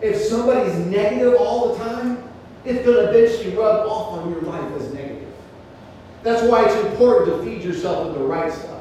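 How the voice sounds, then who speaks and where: A middle-aged male pastor preaching a sermon, earnest, slowing down for scripture quotes. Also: sits high, dark tone, a little hiss or hum. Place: church sanctuary. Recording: echoey hall, mic in room.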